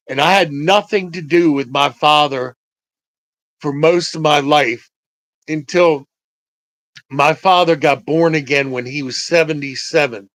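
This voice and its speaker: An older man slowly recounting personal memories, halting and reflective, with frequent pauses. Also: on the high side, fairly bright tone, dry recording, rough recording. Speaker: storyteller. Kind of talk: personal storytelling.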